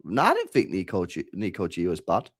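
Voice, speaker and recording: A young man chats casually as a streamer, rambling in slang and swearing freely. He repeats phrases, and his pitch swings up and down a lot. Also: huge pitch swings, fairly quick. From England. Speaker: streamer chatting with viewers. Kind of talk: casual chat.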